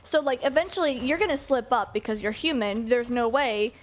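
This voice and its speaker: A woman's voice: fairly high pitch, lively intonation, a little fast. A young American woman streaming a game, chatting casually and rambling with lots of fillers. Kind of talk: casual chat while gaming.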